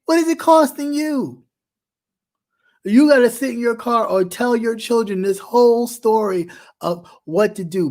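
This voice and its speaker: A man's voice: very high voice, unhurried, a little mellow. A man hosting a talk show, giving impassioned commentary and often restarting his sentences as he presses a point. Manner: emphatic, with many repeated restarts.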